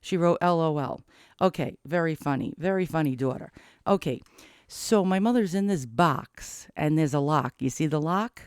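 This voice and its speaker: A middle-aged man rambling anxiously to camera in a casual confessional vlog, cursing often and cracking dark jokes. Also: fairly high pitch, moderate pace, clean tone, dry recording, clean studio sound. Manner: rambling, profane, darkly joking. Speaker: vlogger.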